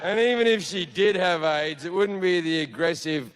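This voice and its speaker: A man's voice: a little high, normal speed, hardly any pauses, a crowd in the background, background noise. A man telling a stand-up comedy story to a laughing audience in a brash, profane, self-mocking way.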